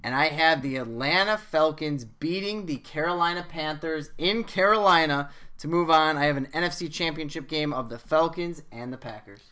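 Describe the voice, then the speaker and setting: A man hosting a casual sports podcast, with a voice pitched a bit above the usual. He tells stories in an animated way and swears freely. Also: moderate pace, hardly any pauses. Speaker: podcast host.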